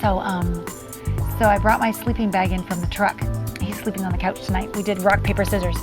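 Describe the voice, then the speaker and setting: A woman's voice: mid-range voice, fairly even intonation, fairly quick, music in the background. A middle-aged woman talking in a casual diary vlog, rambling and heartfelt with many ums, recorded outdoors on a handheld camera. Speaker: vlogger. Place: outdoors near trees.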